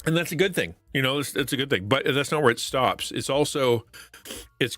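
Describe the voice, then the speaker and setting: A man's voice: medium pitch, animated, brisk, fairly bright tone, dry recording, faint music behind. A man hosting a live stream, talking through a psalm in an earnest, conversational way with frequent restarts and rhetorical questions. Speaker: Christian streamer and devotional host. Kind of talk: casual devotional chat on a stream.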